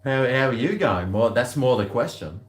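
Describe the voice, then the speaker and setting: A man's voice: mid-range voice, expressive, moderate pace. A man hosting a casual call-in live stream, rambling and tipsy between shots. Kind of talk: casual chat with callers.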